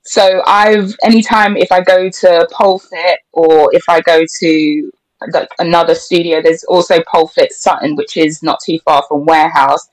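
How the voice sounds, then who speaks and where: A young woman talks casually as a podcast guest, laid-back and prone to giggles, pausing with many fillers. Her mid-range voice sounds close and dry, with no room around it. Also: on the low side, level tone, no echo, rough recording. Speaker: pole and twerk instructor, guest. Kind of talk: casual interview chat.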